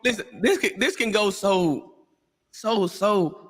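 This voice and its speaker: A man on a discussion panel, talking in an animated way and acting out voices in his stories. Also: sits high, slow, big-room sound. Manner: animated storyteller, acts out quotes.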